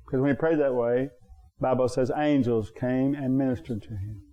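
A man preaching a sermon to his congregation, repeating phrases for emphasis and jumping up in pitch on his key points. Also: steady tone, brisk, dull audio. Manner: talks straight to the congregation. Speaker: pastor.

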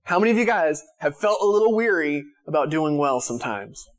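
A man with a slightly high voice delivers a sermon to his congregation. He talks casually, full of fillers and restarts, and moves from raised, emphatic lines to hushed, gentle ones. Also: animated, a little fast. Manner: conversational preaching with restarts and fillers. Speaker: pastor.

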